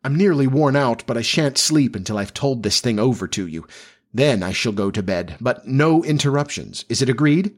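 A man reading the part of a weary, hungry gentleman inventor who talks in terse, tired, insistent bursts. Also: mid-range voice, lively intonation, moderate pace, close to an everyday voice.

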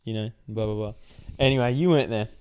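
A man's voice: lowish voice, quick pace, a little mellow, clean tone. A young man co-hosting a casual chat, telling a story in a teasing way and laughing often. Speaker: podcast co-host.

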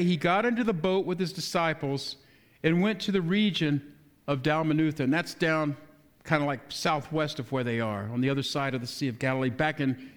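A pastor with a high-pitched male voice delivers a relaxed, conversational sermon. He reads a passage, then explains it in plain talk. He drops into quick acted-out voices for the people in the story. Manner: conversational preaching, acts out quoted voices.

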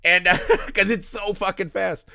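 A man's voice: high voice, a little slow, creaky, no room sound, clean studio sound. A man hosting a podcast, talking casually and animatedly about a horror film, often tagging his points with "right?". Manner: animated, tags lines with "right?". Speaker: podcast host.

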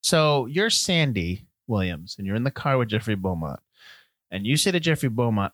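A man co-hosting a casual film chat, animated, slipping into put-on voices for quotes and laughing often. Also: mid-range voice, moderate pace, no echo, studio quality. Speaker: podcast co-host. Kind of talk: casual chat about films.

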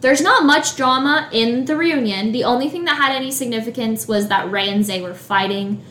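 A woman's voice: normal speed, a bit bright. A woman in casual chat, recapping a reality show with lots of filler words. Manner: gossipy recapping, heavy "like" fillers. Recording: echoey room, faint rumble.

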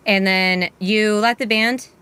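A woman's voice: medium pitch, fairly even intonation, slow, sharp tone, smooth. A woman in her thirties hosting a casual interview podcast, chatty and friendly as she asks questions. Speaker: podcast host.

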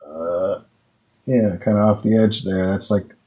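A man talks casually in a low, husky voice. He muses and thinks out loud, trailing off into fillers as he goes. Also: fairly even intonation, a little slow. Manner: chatty, thinks aloud with fillers while eating. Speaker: podcast host tasting snacks. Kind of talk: casual chat.

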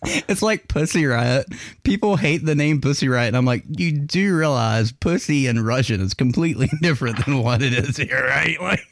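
A man hosting a loose, profane podcast, swinging his voice up high whenever he acts out a story. He laughs often and swears constantly. His recording is dry and close, with no room sound. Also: expressive, moderate pace, no echo. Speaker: podcast host. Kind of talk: casual chat.

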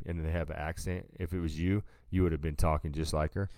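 Very deep-voiced man telling a story. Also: moderate pace, hardly any pauses, darkish tone, no echo, studio quality. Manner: laid-back, rambling, says "dude" a lot. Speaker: podcast co-host. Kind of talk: casual chat, storytelling.

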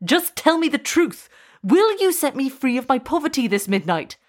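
A woman's voice: sits high, big pitch swings, moderate pace, pitched above the performer's own voice. A woman voicing an angry, determined young man in a storybook reading, making firm, insistent demands. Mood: stern.

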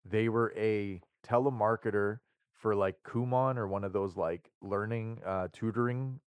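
A low-pitched man swaps profane, laughing stories in a loose podcast chat. His voice is deep and sits close and dry on the mic. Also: measured pace, smooth, no echo. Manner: profane, joking storyteller who laughs a lot. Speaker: podcast co-host. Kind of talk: casual chat.

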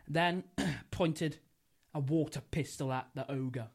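A man's voice: on the high side, takes it slowly, vocal fry, breathy edge. A young man, co-hosting a podcast, rambling and giggling as he makes up a silly story. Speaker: podcast co-host. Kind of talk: casual podcast chat, improvised storytelling.

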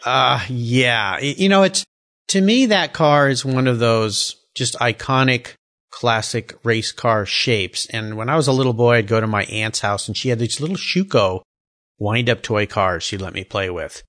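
A man's voice: mid-range voice, normal speed, a bit bright. A man hosting an interview podcast, talking in an enthusiastic, exclaiming way. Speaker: podcast host.

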